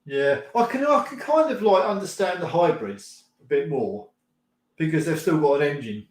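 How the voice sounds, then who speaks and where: Middle-aged male stream host, rambling and laughing, slightly higher voice, roomy sound. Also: expressive, moderate pace. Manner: rambling, laughs often, mild swearing. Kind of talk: casual chat reading viewer comments.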